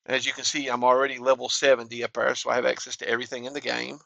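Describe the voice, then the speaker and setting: A man hosting a gaming channel, talking through a mining game in a relaxed, plain-spoken way at a desk mic. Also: mid-range voice, rapid-fire, creaky, no echo, dull audio. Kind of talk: casual game commentary.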